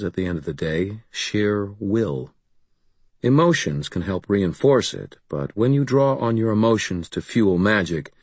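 A man reading first-person fantasy audiobook narration in a measured, deliberate storytelling manner. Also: sits low, husky, no room sound.

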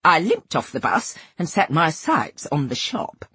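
A woman giving an expressive first-person narration of a novel. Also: deep voice, a little slow, husky, dry recording. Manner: expressive, dramatic. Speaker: audiobook narrator.

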